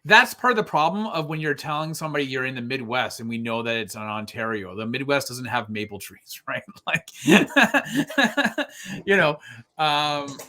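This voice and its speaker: A talkative man co-hosting a casual podcast, his voice bright and forceful. He laughs easily and drifts into side remarks as he talks. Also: mid-range voice, animated, normal speed. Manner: chatty, laughs often, trailing asides. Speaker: podcast co-host. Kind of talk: casual chat.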